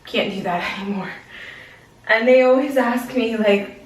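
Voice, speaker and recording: A woman's voice: mid-range voice, unhurried. Chatty young woman in an echoey room. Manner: chatty, slangy, self-reflective. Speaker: vlogger. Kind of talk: casual vlog chat. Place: gym. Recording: echoey room, mic at a distance.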